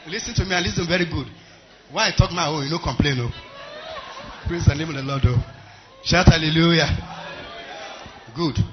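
A man preaching a sermon with a Nigerian English accent, swinging between loud exhortation and quiet storytelling, in a church service. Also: on the high side, a little hiss or hum. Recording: muffled recording.

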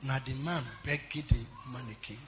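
A man preaching a sermon with a Nigerian English accent, swinging between loud exhortation and quiet storytelling, in a church service. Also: medium pitch, fairly even intonation, fairly quick, background noise. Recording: muffled recording.

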